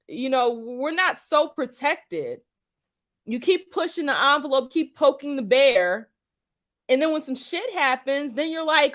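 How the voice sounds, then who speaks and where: A woman's voice: sits high, animated, normal speed, fairly bright tone. A woman hosting casual opinion commentary, blunt and profane, heavy on slang and repeating her points for emphasis. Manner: slang-heavy street talk. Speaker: commentary channel host.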